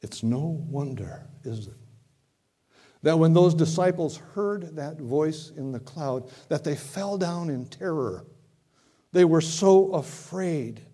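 A man preaching a sermon, dramatic and swinging from loud to hushed, often repeating words. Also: fairly high pitch, animated, takes it slowly, slightly rough.

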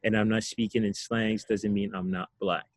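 A man's voice: on the low side, little pitch movement, moderate pace, no echo. A young man from Ghana, a guest telling his own story in a casual interview, reflective and often laughing as he talks.

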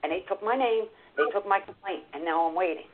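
A woman's voice: medium pitch, quick pace, a little hiss or hum. Woman storyteller on a tinny phone line. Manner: animated, retells scenes step by step. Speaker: guest author. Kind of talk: emotional storytelling in a call-in talk.

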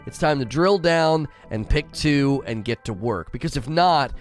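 Male stream host, lively pitch, rambling chat, faint background music. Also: a little slow. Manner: animated, rambling, repeats himself. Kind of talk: casual live-stream chat.

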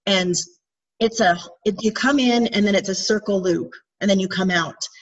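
A woman's voice: medium pitch, normal speed. A woman in her forties, a mother telling a group personal stories in a chatty, rambling, self-deprecating way. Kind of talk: casual personal storytelling. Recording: distant, dull lo-fi recording.

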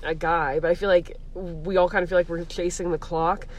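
A woman's voice: fairly low pitch, fairly even intonation, fairly quick, a little mellow. Giggly rambling young woman comic. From Columbus, Ohio area. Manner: giggly, rambling, heavy use of "like". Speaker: guest comedian. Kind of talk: casual podcast chat.

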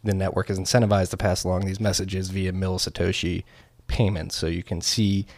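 Male podcast co-host, deep voice, loose rambling chat, dry close sound. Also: level tone, brisk, darkish tone, no room sound. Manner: laid-back, rambling with fillers. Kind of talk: casual chat.

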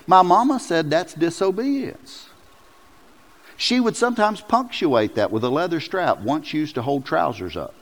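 A man preaching a sermon as pastor, telling stories with lively, acted-out quotes. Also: on the high side. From South Carolina. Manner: animated storytelling, jumps into loud acted quotes. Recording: long hall reverb.

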